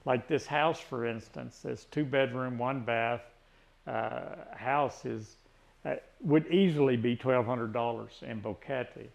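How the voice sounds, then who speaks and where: A man chatting to his vlog audience in an unhurried, halting way. His voice has a gravelly rasp, and he leans on fillers as he gathers his thoughts. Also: mid-range voice. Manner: slow, halting, with many fillers and pauses. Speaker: vlogger. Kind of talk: casual talk to camera.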